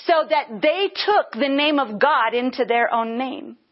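A woman's voice: high voice, expressive, unhurried. A woman teaching a Bible lesson earnestly, breaking into bursts of praise. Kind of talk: teaching sermon. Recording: dull lo-fi sound.

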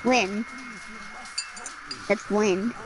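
A woman streaming a game in casual chat, excitable and melodramatic, breaking into sudden shouts. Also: mid-range voice, extremely slow, noisy background. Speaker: gaming streamer.

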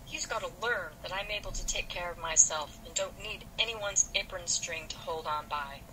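A proud, sulky young man from an old novel who defends himself indignantly, as a woman reads his lines aloud. The voice sits low for a woman and carries a clear hiss of background noise. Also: normal speed, close to an everyday voice. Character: male youth, proud and sulky.

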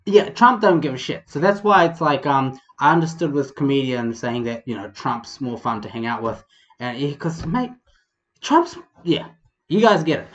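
A young New Zealander with a New Zealand accent hosts a casual comedic vlog, rambling, profane and animated. His pitch is fairly high, his speed normal, and the audio sounds dull.

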